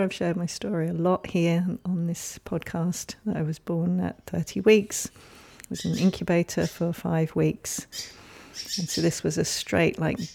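Gentle woman podcaster with a gravelly voice. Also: on the low side. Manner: gentle, soft-spoken, caring. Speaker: podcast host. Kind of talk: reflective solo podcast monologue.

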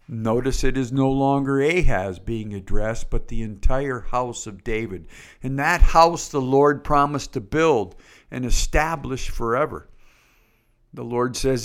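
Slow-speaking male preacher. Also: mid-range voice, fairly bright tone, smooth. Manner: slow, storytelling delivery with playful asides. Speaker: pastor. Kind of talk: sermon.

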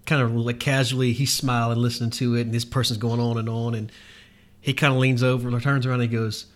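Brief: male co-host, anecdotal storyteller, hesitant starts, average pitch. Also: flat delivery, fast. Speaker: podcast co-host. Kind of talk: casual sports chat.

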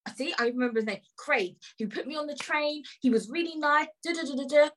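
Talking fast in a high-pitched, somewhat bright voice, a podcaster unloads an indignant story laced with profanity, aimed squarely at her listeners. It's an emphatic, casual rant, and the recording is rough.

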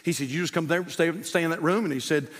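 A male pastor preaching a sermon in a church, telling a story that swings from loud, shouted peaks to hushed, quiet lines. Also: fairly high pitch, fast. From United States. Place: church sanctuary. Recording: long church reverb.

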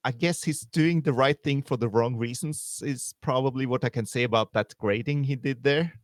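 A man co-hosting a podcast, talking in a measured, reflective, wry way. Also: medium pitch, no echo, studio quality. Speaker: podcast co-host. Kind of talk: casual podcast discussion.

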